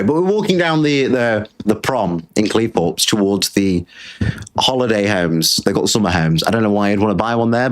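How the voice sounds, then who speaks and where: Blunt ranting man. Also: medium pitch. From Britain. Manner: blunt, swears freely, repeats himself while ranting. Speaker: podcast host. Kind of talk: casual ranting monologue.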